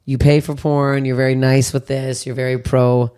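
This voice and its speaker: A woman hosting a comedy podcast, telling stories in a casual, profane, animated way. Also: a bass voice, clear, resonant tone. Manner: profane, rapid, animated storytelling. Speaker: podcast host. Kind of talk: casual comedic chat and storytelling.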